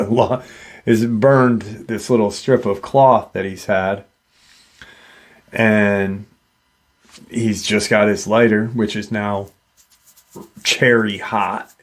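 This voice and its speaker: A man narrates a strange encounter for his paranormal channel, pausing often and restarting his sentences. He speaks slowly, and his voice sits fairly low. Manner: halting, with many fillers and restarts. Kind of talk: retelling a witness encounter.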